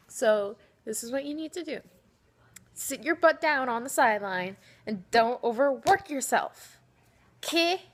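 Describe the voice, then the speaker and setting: A woman records a casual vlog and talks straight to her friends. Her fairly high voice is animated and dramatic as she swings between pleading and playful teasing. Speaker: vlogger. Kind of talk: casual direct-to-camera vlog addressed to friends.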